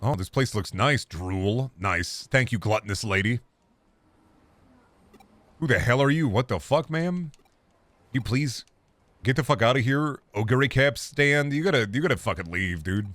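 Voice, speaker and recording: A young man streaming a game at home, rambling and swearing as he talks to himself. His voice sits in a middle pitch, swings around a lot, and is recorded close on a desk mic in a dry room. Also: expressive, a little slow, long pauses, fairly bright tone, no echo. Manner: profane, rambling, self-talking. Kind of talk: casual gaming stream commentary. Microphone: close desk microphone.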